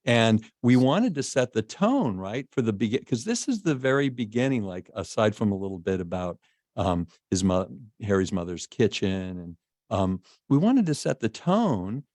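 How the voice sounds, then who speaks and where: Radio host guy, lowish voice, rambly and casual, dry sound. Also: very animated, moderate pace, no room sound. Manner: rambling, warm-hearted, lots of restarts.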